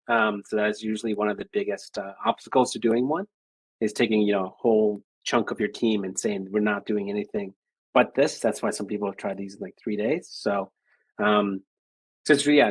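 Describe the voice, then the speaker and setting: A man's voice: on the low side, breathy edge, dry recording, low-quality recording. A man speaking as a guest design lead on a video call, talking energetically with lots of fillers. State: out of breath. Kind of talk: virtual presentation and Q&A.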